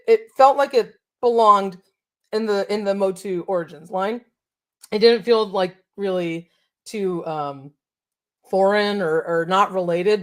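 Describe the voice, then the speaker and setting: Chatty enthusiastic woman co-hosting. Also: mid-range voice. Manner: enthusiastic, chatty with many fillers. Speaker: co-host of toy show. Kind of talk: casual chat.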